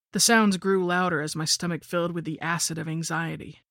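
Male horror narrator, slightly higher voice with gravel, dry close sound, wry first-person read. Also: fairly even intonation, a little fast, a bit bright, no room sound. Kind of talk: scripted horror story narration.

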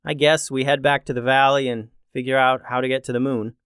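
A man voicing a young adventurous boy who gets anxious and exasperated, with high, whiny, rushed outbursts. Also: level tone, fairly bright tone, clear, resonant tone, no echo, clean studio sound, natural voice. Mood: resigned.

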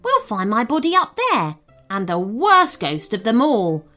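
A woman's voice: medium pitch, big pitch swings, measured pace, sharp tone, faint music behind. A woman voicing a wizard trapped as a small male mouse, urgent and watchful in a children's storybook. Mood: warning. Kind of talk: storybook character voice.

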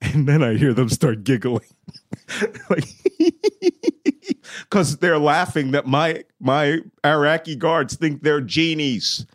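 A middle-aged man telling war stories as a podcast guest, lively and laughing often as he acts out the dialogue. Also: on the high side, slow pace, pauses often, no echo, studio quality. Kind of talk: animated war storytelling.

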